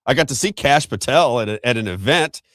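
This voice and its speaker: Fast-talking American man in political commentary. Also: mid-range voice, lively intonation, a bit bright, no echo, studio quality. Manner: fast, emphatic, repeats himself. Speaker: political talk show host.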